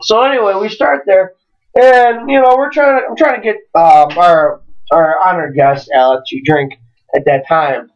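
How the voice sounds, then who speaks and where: A man's voice: high voice, fairly even intonation, normal speed, highs cut off. A young man from Wisconsin, hosting a podcast, tells a rowdy drinking story in casual, profane chat, with sudden jumps into quoted voices. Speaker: podcast host.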